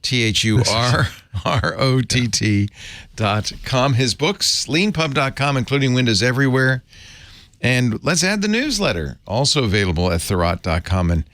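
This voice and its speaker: A man's voice: medium pitch, animated, normal speed, a bit bright, no room sound. A man hosting a podcast in an easygoing, jokey way, chatting casually and reading the show's plugs. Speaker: host. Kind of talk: casual podcast chat and show outro.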